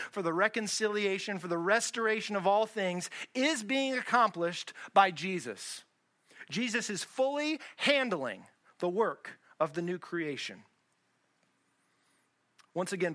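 A man's voice: on the high side, sharp tone. A man pastor preaching a sermon in a church, conversational and full of rhetorical questions.

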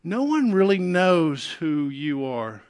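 A man with a Southern US accent preaching a sermon as pastor, swinging between loud urgent calls and soft hushed appeals. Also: on the high side, big pitch swings, slow, smooth.

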